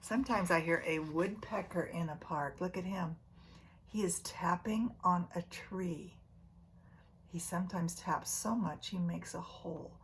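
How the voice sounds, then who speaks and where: A preschool teacher, a woman, reads a picture book aloud to young children, often dropping to a near whisper and gently asking them questions. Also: fairly low pitch, unhurried, slight background noise.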